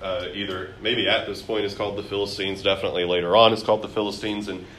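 A man's voice: lowish voice, little pitch movement, fast talker, fairly bright tone, a little hiss or hum. A man teaching a casual Bible study, chatty and amused, with many fillers.

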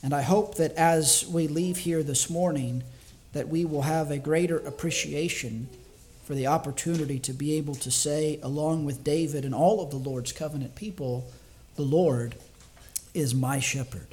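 A male evangelist preaching a sermon to his congregation, measured and reflective, slowing down to stress key words. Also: a little high, a little mellow. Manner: thinks aloud with small restarts.

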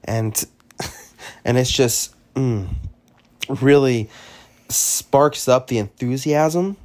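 A man hosting a comedy podcast, boasting about his soothing voice in a deadpan, drawn-out way. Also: medium pitch. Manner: deadpan self-praising, drawn-out phrases. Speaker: podcast host.

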